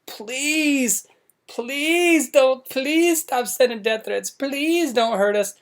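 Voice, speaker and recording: A man's voice: extremely high pitch, extremely slow, pitched above the performer's own voice, full character voice. A man putting on a mocking, simpering voice of a pleading woman. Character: whiny pleading woman, mocked public figure.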